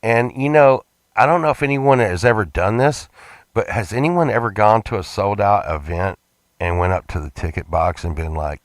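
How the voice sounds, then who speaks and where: A man's voice: sits low, a little slow, no room sound. A man talking in a casual, rambling vlog, stumbling over his words and repeating himself. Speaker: vlogger.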